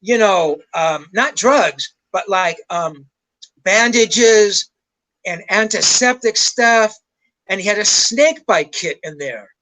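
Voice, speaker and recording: High-voiced older man telling stories. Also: lively intonation, slow pace, sharp tone, poor audio. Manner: rambling, swears freely, laughs at his own stories. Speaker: rock journalist guest. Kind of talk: casual anecdotal storytelling.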